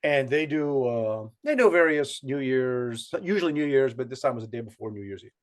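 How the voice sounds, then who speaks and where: A man's voice: mid-range voice, lively intonation, normal speed. A man with a South Louisiana accent, co-hosting a podcast and telling a long, rambling story with many restarts. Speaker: podcast co-host. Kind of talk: casual storytelling chat.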